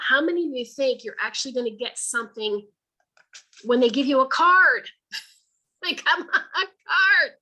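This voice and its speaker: Bright, lively woman storyteller. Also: fairly high pitch, low-quality recording. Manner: lively, chatty storytelling that acts out quoted dialogue; colloquial, folksy phrasing. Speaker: author and speaker. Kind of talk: storytelling talk to an online audience. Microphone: video call.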